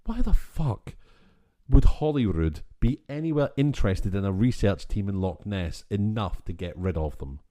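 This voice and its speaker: A man with a Scottish accent, co-hosting a casual film-review podcast in an animated, exasperated way and swearing freely. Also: low voice, moderate pace, few pauses. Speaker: podcast co-host.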